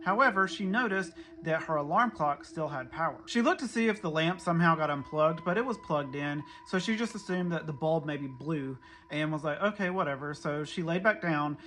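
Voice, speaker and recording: Bright-voiced man telling a spooky story. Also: on the high side, a little hiss or hum. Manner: suspenseful, dramatic pauses and asides. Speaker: storytime narrator. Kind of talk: scripted horror storytelling.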